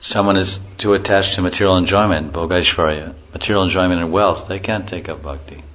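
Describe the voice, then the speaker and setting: Speaking a little fast in a low, steady voice with a fairly bright tone, this man delivers a casual spiritual talk as a teacher. His stories come with chuckles and acted-out quotations. Faint hiss runs under a muffled, lo-fi recording.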